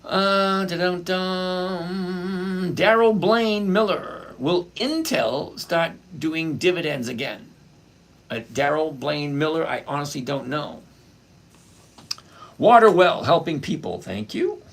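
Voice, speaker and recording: A man's voice: on the high side, sing-song, unhurried, creaky. A middle-aged man hosting a casual live stock-trading stream, greeting viewers by name and answering their questions. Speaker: livestream host reading chat.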